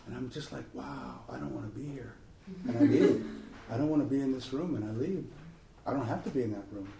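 A man, an author, giving an animated, jokey talk and Q&A to a live audience, slipping into impressions. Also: medium pitch, fast, a little hiss or hum. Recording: roomy hall, voice from a distance.

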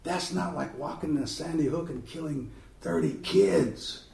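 A man, an author, giving an animated, jokey talk and Q&A to a live audience, slipping into impressions. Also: on the high side, normal speed, creaky. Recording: roomy hall, voice from a distance.

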